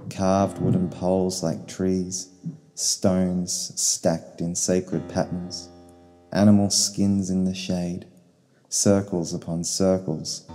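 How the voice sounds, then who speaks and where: A man reading a short story in slow, solemn narration. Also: low voice, dark tone. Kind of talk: scripted narration. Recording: long reverb, faint guitar music.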